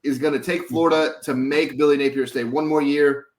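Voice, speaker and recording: A man's voice: on the high side, steady tone, a little fast, noisy background. A man co-hosting a sports podcast, casually steering the talk with questions and asides. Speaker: podcast co-host.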